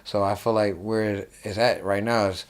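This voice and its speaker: A young man from New Jersey hosting a casual late-night chat, rambling and animated, swearing freely. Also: lowish voice, normal speed. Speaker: host.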